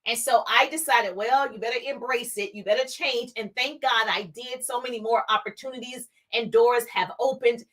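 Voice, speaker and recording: A woman with a high, bright, forceful voice coaches her viewers through a motivational livestream. She talks with emphatic energy and drives her points home by repeating them, speaking directly to the people watching. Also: fairly even intonation, moderate pace, hardly any pauses. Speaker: business coach.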